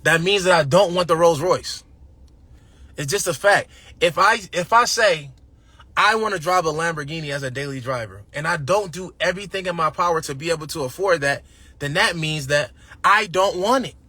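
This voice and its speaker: A man's voice: a little high, moderate pace, pushed and bright, breathy edge, dry recording. A young man giving an emphatic, slangy motivational talk, then chatting casually with a friend. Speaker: host.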